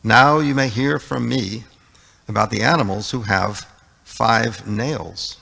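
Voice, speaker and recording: Man, scripture class speaker, very gravelly voice, slow unhurried delivery, long reverb of a temple hall. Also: mid-range voice, bright, forceful tone. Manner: reads out lists of verse translations item by item.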